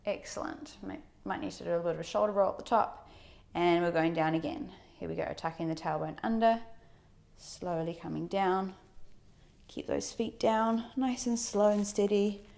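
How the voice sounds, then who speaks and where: Woman, fitness instructor, gravelly voice, mellow tone, calm breath cues, chatty asides. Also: medium pitch, moderate pace. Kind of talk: guided workout instruction.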